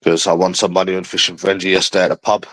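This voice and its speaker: A man's voice: low voice, little pitch movement, rapid-fire, fairly bright tone, poor audio. A man in a profane, rambling livestream chat, calling his viewers bro and mate.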